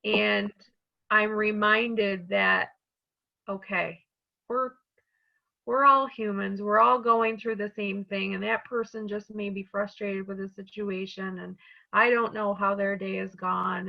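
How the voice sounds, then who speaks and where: A woman's voice: mid-range voice, gravelly, muffled recording. A woman on the staff of a community college, speaking earnestly and from the heart in a webinar panel discussion over a video call.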